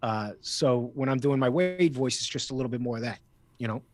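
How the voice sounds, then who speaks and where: This guest actor from Miami has a medium-pitched voice and a brisk delivery, plus a slight East Coast accent. Chatting in a casual interview, he rambles through stories and frequently starts over.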